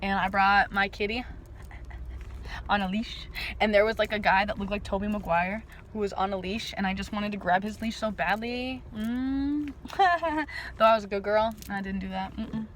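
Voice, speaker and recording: A woman's voice: mid-range voice, normal speed, a bit bright, a little hiss or hum. A woman chatting casually on a livestream, giggly and rambling, with lots of "like" fillers. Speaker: livestream host.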